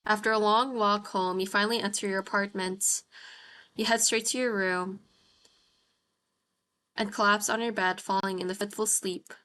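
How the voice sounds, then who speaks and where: A woman's voice: mid-range voice, fairly even intonation, normal speed, pauses often, bright, forceful tone. A woman streamer reading a visual novel aloud while playing, reacting with gasps and apologies between lines.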